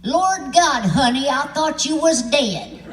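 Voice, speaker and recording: Brief: little old lady fan, high and gushing, folksy, as a singer puts her on, roomy live hall. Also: lively intonation, slow pace, distant mic, heavy background noise. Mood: astonished.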